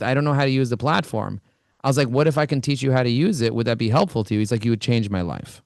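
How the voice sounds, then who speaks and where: A middle-aged man giving a high-energy business talk, swinging his pitch up and down as he plays out both sides of conversations. His voice sits in an ordinary register and sounds close and dry, with no room around it. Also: no echo. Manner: animated storytelling, acts out both sides of dialogues. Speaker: business speaker.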